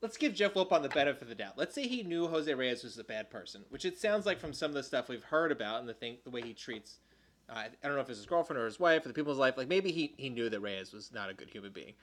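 A man co-hosting a casual sports podcast, talking in an animated, exasperated way with quick asides. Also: medium pitch. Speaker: podcast co-host.

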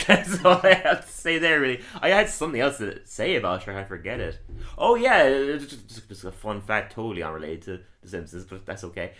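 A man's voice: medium pitch, very animated, fairly quick, a bit bright, slight background noise. A man hosting a podcast in casual, rambling chat, often stammering over restarts. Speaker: podcast host.

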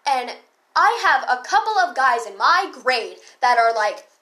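A woman's voice: sits high, big pitch swings, measured pace, sharp tone. A teenage girl hosting a podcast, ranting in a heated, profane, casual way with lots of fillers and asides. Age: teens. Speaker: podcast host.

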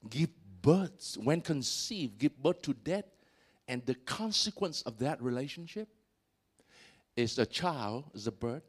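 Animated male preacher. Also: unhurried, slightly rough. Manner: animated, voice swells on key points and drops low after. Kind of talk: sermon.

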